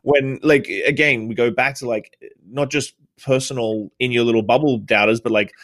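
A man's voice: mid-range voice, fairly even intonation, moderate pace, a bit bright, no room sound. A man hosting a live-streamed interview, asking long, rambling questions with many restarts. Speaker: interviewer, host.

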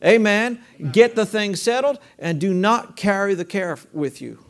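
Male pastor, high-pitched, conversational sermon with call-and-response. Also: lively intonation, unhurried. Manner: conversational preaching with rhetorical questions and call-and-response.

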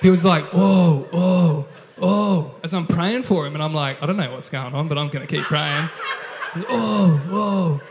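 A man's voice: fairly high pitch, fast talker, hardly any pauses, background noise. A man with an Australian accent, an online pastor, telling a church testimony in a chatty, amused way. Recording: echoey hall.

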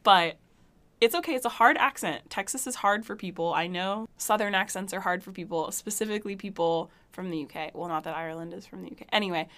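A woman's voice: medium pitch, quick pace, fairly bright tone. A young woman co-hosting a podcast, chatting casually about a film in a giggly, rambling way with many restarts. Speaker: podcast co-host. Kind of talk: casual film-review chat.

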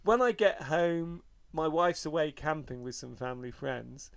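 A man's voice: a little high, animated, unhurried, creaky. A middle-aged man, a podcast co-host, telling stories in a wry, self-mocking way and swearing freely in casual chat.

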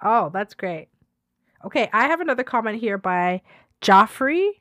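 A woman's voice: medium pitch, expressive, moderate pace, fairly bright tone, no room sound, studio quality. A woman co-hosting a podcast in casual chat, enthusiastic and gushing. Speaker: podcast co-host.

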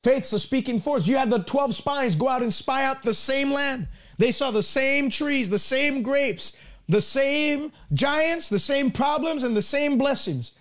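A man with a high voice preaching a broadcast sermon. He tells a personal story earnestly and often repeats words as he builds toward his point. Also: measured pace. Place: lives in Canada.

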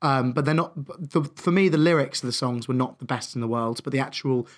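A young man with a mid-pitched voice, reviewing films in a relaxed chat. He talks hesitantly, restarts his sentences and adds fillers, yet he sounds warmly enthusiastic. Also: fairly quick. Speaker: film review podcast co-host. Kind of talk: casual chat.

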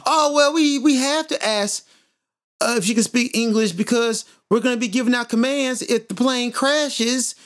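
A man voicing a flustered woman flight attendant, raised pitch, hesitant, apologetic. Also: normal speed, a bit bright.

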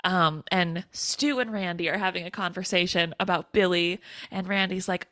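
A woman's voice: fairly low pitch, fairly even intonation, normal speed, a bit bright. A woman co-hosting a podcast in casual chat, enthusiastically recapping a film scene and quoting the characters. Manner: enthusiastic, laughs often, quotes characters. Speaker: podcast co-host.

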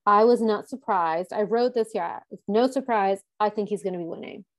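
A woman co-hosting a podcast, recapping a reality show from her notes in animated casual chat, laughing often. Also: medium pitch, normal speed, dry recording. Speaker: podcast co-host.

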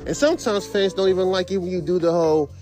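Podcast host and rapper, male, a touch high-pitched, swears constantly, heated rambling rant, faint music bed. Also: steady tone, fast talker, darkish tone.

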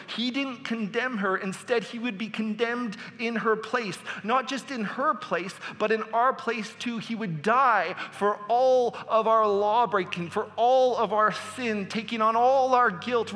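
A man's voice: very high voice, a bit bright, in a large hall. A man preaching a sermon as pastor, earnest and building to emphatic appeals.

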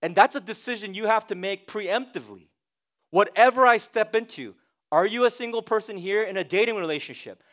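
A man's voice: sits high, brisk, a bit bright. A male pastor preaching a sermon, conversational and emphatic, with repeated rhetorical questions.

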